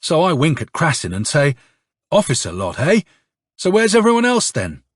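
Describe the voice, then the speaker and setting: A man reading an audiobook, playing a hoarse, bitter young officer who tells his story with curses and sarcasm. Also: a little high, wildly swooping pitch, moderate pace, dry recording, studio quality, heavily acted. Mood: angry storytelling. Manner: angry, sardonic storytelling with curses. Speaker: audiobook narrator.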